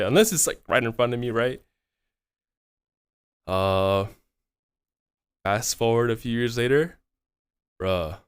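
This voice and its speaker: A man's voice: mid-range voice, no echo. Casual swearing man telling a story. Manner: rambling, swearing, frequent "right?" fillers. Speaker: streamer.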